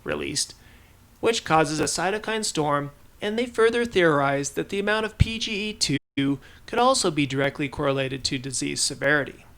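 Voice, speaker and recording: Gravelly man reading science news. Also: a little high, expressive, moderate pace, fairly bright tone. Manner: stumbles and restarts on technical terms. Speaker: podcast reader of research news.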